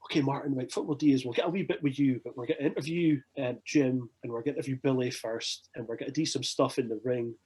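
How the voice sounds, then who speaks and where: A young Scottish man spins a long, rambling anecdote in casual chat, animated and swearing freely. His voice has a husky, slightly breathy edge at a middling pitch. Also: fast talker, hardly any pauses. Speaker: podcast guest. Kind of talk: casual storytelling.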